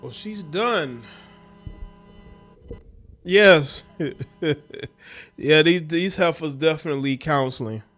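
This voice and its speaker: Male livestream host, blunt and scornful commentary, slightly high voice. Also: takes it slowly, pauses often, a bit bright, soft background music. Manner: blunt, scornful, talks straight to viewers.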